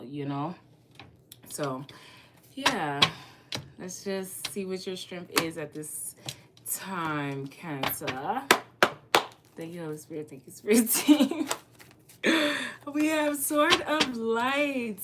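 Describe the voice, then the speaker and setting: A young woman giving a casual oracle card reading, talking in a chatty, rambling way with plenty of filler words. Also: low voice. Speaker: tarot and oracle card reader. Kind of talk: casual spiritual reading to camera.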